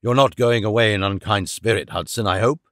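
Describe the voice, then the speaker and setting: A man voicing an anxious older father who talks in a soft, nervous, pleading way. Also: mid-range voice, expressive, normal speed, no echo, clean studio sound, natural voice. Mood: placating. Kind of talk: audiobook character reading.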